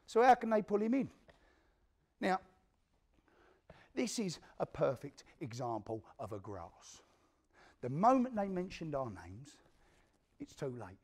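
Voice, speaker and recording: A hard London gangster, played by a man on stage, tells his war story in a coarse, swearing voice. He pitches a little higher than most men, and his voice swings widely up and down as he re-enacts every blow. He is spiteful and unrepentant. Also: wildly swooping pitch, unhurried, pauses often, a little mellow, slightly rough, exaggerated voice. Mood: grim boasting. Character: hard, spiteful male London gangster recounting a brutal feud. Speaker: actor performing a stage monologue. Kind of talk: theatrical storytelling monologue.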